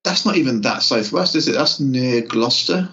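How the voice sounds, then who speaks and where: A man's voice: mid-range voice, animated, normal speed, sharp tone, dull audio. A man from Newport with a South Welsh accent, a guest in a casual podcast chat. He teases wryly, swears, and slips between an English and a Welsh lilt. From Wales. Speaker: guest musician.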